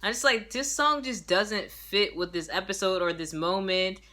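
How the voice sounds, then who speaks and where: Sassy, bright-voiced young woman. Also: mid-range voice, moderate pace. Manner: animated, sassy, slangy. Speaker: show reviewer. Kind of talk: casual video recap.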